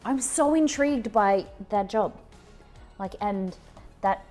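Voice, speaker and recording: A woman's voice: medium pitch, lively intonation, takes it slowly. A woman hosts a live cooking stream from her home kitchen. She chats in a loose, rambling way, full of ums and restarts. Faint music plays underneath. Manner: chatty, rambling, with frequent fillers and restarts. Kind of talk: casual chat while cooking.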